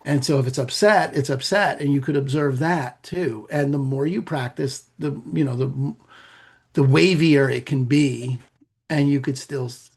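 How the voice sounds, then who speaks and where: Middle-aged guy with a gravelly raspy voice, chatting easy as a guest, kinda animated. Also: mid-range voice, measured pace. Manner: gravelly, husky, animated with playful asides. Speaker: meditation teacher, podcast guest. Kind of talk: conversational explaining.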